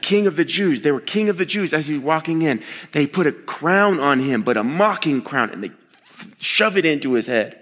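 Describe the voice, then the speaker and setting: A man's voice: a little high, fairly bright tone. A man preaching a sermon in a conversational way, retelling scripture with everyday voices for the people in it. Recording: long echo of a large hall.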